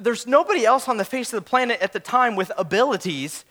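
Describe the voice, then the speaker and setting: High bright-voiced male preacher. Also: fast talker. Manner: animated storytelling with joking asides. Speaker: pastor. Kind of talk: sermon.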